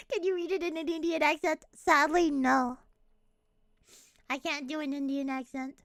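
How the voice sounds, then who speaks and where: A woman's voice: high-pitched, flat delivery, moderate pace, gravelly, a bit bright, dry recording. A woman streamer in casual chat, laughing and swearing while reading comments aloud into a close desk mic.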